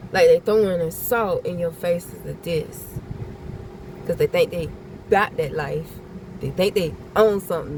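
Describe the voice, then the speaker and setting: Woman, lower register, casual blunt spiritual vlogger who repeats her warnings and swears, traffic noise loud behind her. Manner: blunt, repetitive, swears freely. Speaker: spiritual vlogger giving a channeled message.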